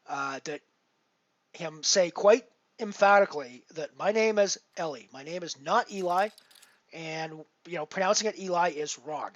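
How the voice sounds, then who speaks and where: A man's voice: fairly high pitch, fairly bright tone, dry recording, lo-fi sound. A man casually chatting to his viewers while he plays online poker, rambling with lots of fillers and restarts. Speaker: poker streamer. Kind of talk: casual live-stream commentary.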